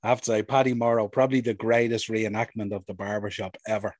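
A man from Ireland co-hosting a podcast in a casual chat, with a relaxed, agreeable manner and frequent chuckles. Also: fairly low pitch, fast talker, dry recording. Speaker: podcast co-host.

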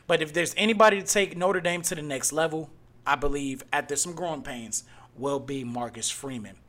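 A man from Cleveland, Ohio hosting his own podcast, talking casually and breaking into loud mocking outbursts. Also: on the high side, fairly quick. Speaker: podcast host. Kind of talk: casual solo podcast talk.

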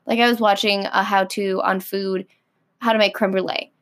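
A woman's voice: mid-range voice, little pitch movement, moderate pace. An American woman ranting casually to camera, packing her talk with "like" and blunt, sassy swearing. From United States. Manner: filler-heavy, frequent "like". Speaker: vlogger.

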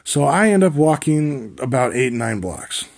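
A man in his forties tells a rambling comic story as a podcast host, wry and freely profane. His voice is gravelly with plenty of fry and a husky edge. He sits at an average pitch for a man. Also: very animated, measured pace, a little mellow. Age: 40s.

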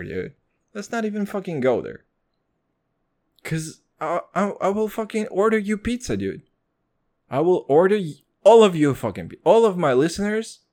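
A man from Kazakhstan hosting his own podcast, ranting casually with lots of swearing and excitement. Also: on the high side. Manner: profane, rambling, excitable. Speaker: podcast host. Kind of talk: casual solo podcast rant.

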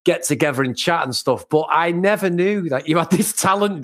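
A man's voice: high-pitched, brisk, few pauses. A man from England co-hosting a comics podcast, talking casually and with enthusiasm, often laughing and repeating words. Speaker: podcast co-host. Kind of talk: casual chat.

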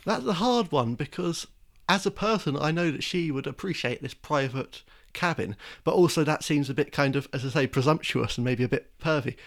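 Brief: man from England, slightly higher voice, halting and sheepish, podcast guest-of-the-quiz energy. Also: lively intonation. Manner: hesitant, restarts and stammers, self-mocking. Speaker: podcast co-host. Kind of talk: casual film podcast chat.

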